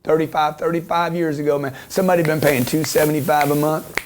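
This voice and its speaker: A man's voice: fairly high pitch, level tone, quick pace, background noise. A man in his fifties who talks about real estate investing, emphatic and repetitive, often asking "okay?" and swearing as he jokes. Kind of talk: animated business talk.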